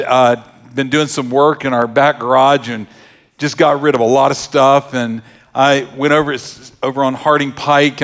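A man's voice: on the high side, fairly bright tone. A man preaching a sermon as pastor, conversational and joking as he tells stories.

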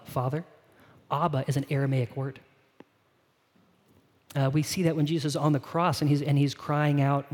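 A male pastor preaches in a lively, conversational way and keeps checking in with his listeners. His voice sits a little high. Everything carries the long reverb of a big church sanctuary. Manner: conversational, animated, asks the congregation questions. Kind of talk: sermon. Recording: long reverb of a large hall.

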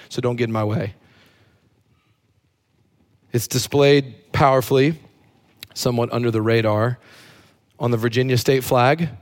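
Pastor preaching with lively drops. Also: male voice. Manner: animated preaching, drops low and quiet on key phrases. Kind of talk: sermon.

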